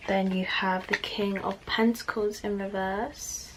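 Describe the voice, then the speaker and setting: A woman's voice: mid-range voice, flat delivery, slow pace. A young woman sits on her bedroom floor giving a casual tarot reading. She talks in a chatty, apologetic way, slightly out of breath and easily sidetracked, with a middling voice. A faint hiss sits under the home recording. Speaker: tarot reader.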